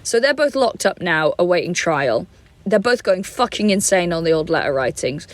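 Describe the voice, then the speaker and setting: A woman's voice: on the low side, big pitch swings, moderate pace. A woman co-hosting a comedy podcast, telling stories in a chatty, loose way and swearing freely. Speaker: podcast co-host. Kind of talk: casual comedy podcast chat.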